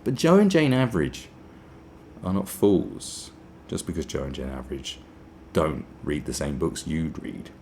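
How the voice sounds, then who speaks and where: A British man with an extremely low, warm voice hosts an opinionated podcast monologue, speaking a little slowly but animatedly over slight background noise. He rants sarcastically, swears, and mimics people in mocking voices.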